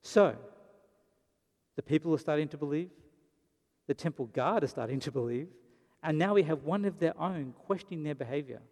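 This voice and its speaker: A man preaches a sermon with a dramatic storyteller's delivery and briefly acts out the voices of the people in the story. His voice sits a little high for a man. The sound carries the long reverb of a large hall. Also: moderate pace, long pauses, a little mellow. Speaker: pastor.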